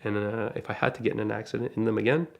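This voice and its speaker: A man telling a casual first-person story about crashing his car, chatty and lively, with asides and small laughs. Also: on the low side, racing, vocal fry. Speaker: DeLorean rental owner telling a crash story.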